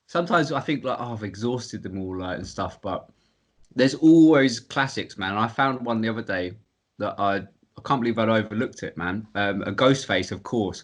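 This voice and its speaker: Male podcast guest, casual chat, keen and quick to laugh. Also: lowish voice. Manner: enthusiastic, laughs often. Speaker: podcast guest, cookbook co-founder.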